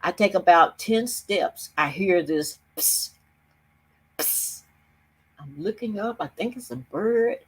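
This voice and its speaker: Older woman telling a story, husky voice. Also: lowish voice, animated. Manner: earnest, emphatic, speeds up and slows down. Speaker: summit speaker. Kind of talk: personal storytelling on a video call. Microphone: video call.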